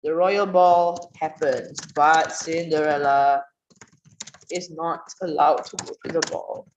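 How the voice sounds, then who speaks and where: A woman teaching an online writing class, questioning students and praising their answers in a lively way. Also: low-pitched, takes it slowly, a little hiss or hum. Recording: roomy, dull online class audio.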